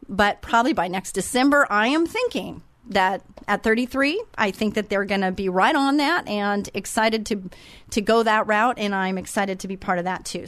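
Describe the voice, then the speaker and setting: A woman's voice: mid-range voice, a bit bright, dry recording. Heartfelt woman radio host, dry sound. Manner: heartfelt, sentimental, openly emotional. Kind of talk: faith-based radio talk.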